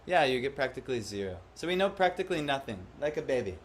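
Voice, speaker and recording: This man, a spiritual teacher, gives a devotional class to a live crowd, regularly asking them questions and acting out the voices he cites. He speaks fast at a medium pitch with big swings in pitch, and slight background noise is audible.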